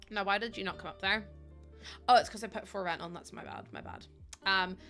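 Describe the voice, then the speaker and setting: A young woman chatting casually while streaming a building game, rambling and bubbly with plenty of ums. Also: medium pitch. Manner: bubbly, greets chat warmly. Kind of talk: casual live-stream chat.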